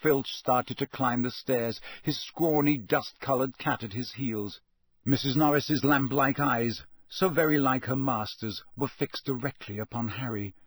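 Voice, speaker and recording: A male narrator reads a story in a measured, expressive way at a middling pitch. The sound is dry and close, with no room around it. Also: dry recording. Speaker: audiobook narrator.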